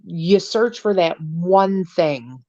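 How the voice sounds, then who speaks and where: Low-voiced, slow, blunt woman co-host. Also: expressive, mellow, muffled recording. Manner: blunt, swears freely, gossipy. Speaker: podcast co-host. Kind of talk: casual chat.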